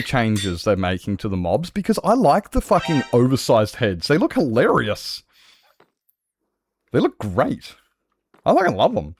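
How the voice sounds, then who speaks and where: A man's voice: medium pitch, wildly swooping pitch, moderate pace, slight background noise. A man chatting casually on a gaming livestream, swearing freely and laughing often. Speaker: streamer.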